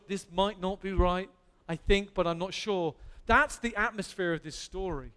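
English pastor preaching, pretty high voice, big echoey church hall. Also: male voice, fairly bright tone, clean tone. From England. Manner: earnest, emphatic preaching with rising exclamations. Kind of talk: sermon.

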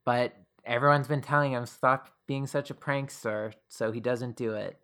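A man's voice: medium pitch, fairly even intonation, normal speed, a bit bright, clean tone. A man co-hosting a podcast, casually recapping a horror film with many filler words and easy laughs. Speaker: podcast co-host.

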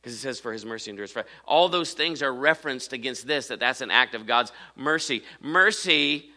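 A man's voice: mid-range voice, animated, brisk, sharp tone. A man preaching a sermon, earnest and repeating phrases for emphasis. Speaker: pastor.

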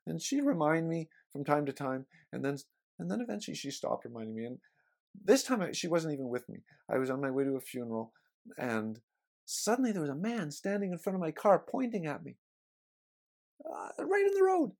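A man's voice: fairly high pitch, sing-song, fairly quick, creaky, a little mellow. A middle-aged man, preaching a sermon in a conversational, storytelling way. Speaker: pastor.

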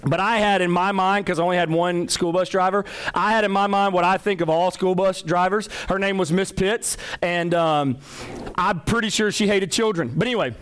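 A higher-pitched male pastor delivering a midweek sermon. He tells stories with energy and acts out the quotes as he goes. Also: moderate pace, smooth. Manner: animated storytelling with acted-out quotes.

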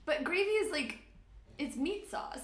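Young woman, expressive, casual chat, echoey room. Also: high voice, unhurried.

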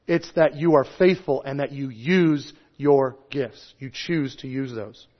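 A man in his thirties or forties preaching a sermon, stressing points loudly and then dropping to soft, low asides. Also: unhurried. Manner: emphatic, swings between loud stresses and soft low asides. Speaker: pastor. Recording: dull lo-fi sound.

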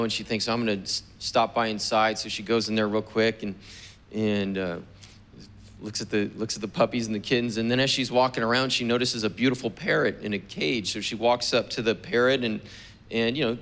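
Bright-voiced joking pastor. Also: male voice, medium pitch. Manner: relaxed, joking preacher. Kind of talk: sermon. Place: church service.

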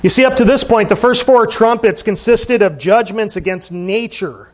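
A man's voice: high-pitched, normal speed. A man preaching a sermon, talking in a conversational way and asking the listeners questions. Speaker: pastor.

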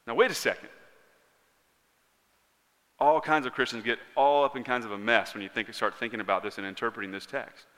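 A man in his thirties preaching a sermon as pastor, in an earnest way that swings between loud emphatic lines and hushed ones. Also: medium pitch. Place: church sanctuary. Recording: long reverb of a large hall.

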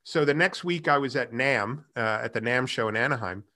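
A middle-aged man in a casual interview, telling his career story with lively acted-out dialogue. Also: mid-range voice, normal speed. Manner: animated storyteller, acts out quoted dialogue. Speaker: guest, music tech company founder.

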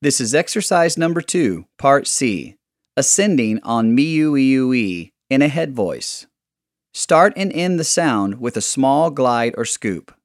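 Calm male vocal coach, dry close sound. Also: mid-range voice, takes it slowly, no room sound. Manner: calm, clear step-by-step directions. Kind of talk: instructional narration.

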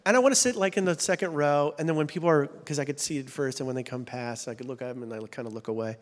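A man's voice: mid-range voice, quick pace. A man in his forties preaching a sermon in a conversational, self-deprecating, joking way. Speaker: pastor. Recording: long hall reverb.

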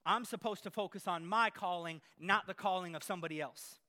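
A man preaching a sermon in an energetic, playful way, with sarcastic asides. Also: high voice, a little fast.

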